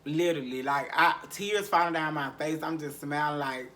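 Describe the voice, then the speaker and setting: Bright-voiced man telling a raw story. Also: on the high side, normal speed, hardly any pauses. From Memphis, Tennessee. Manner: profane, repetitive, heavy sighs, emotional recounting. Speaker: podcast host. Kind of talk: candid storytelling monologue.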